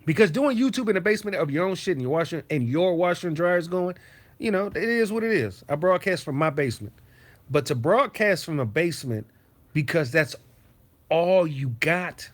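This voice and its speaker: A male streamer talks from his home basement in a slightly high voice. His talk is blunt, profane and full of repetition, in a loose, ranting livestream manner. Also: expressive, brisk. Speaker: streamer host. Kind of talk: casual livestream rant.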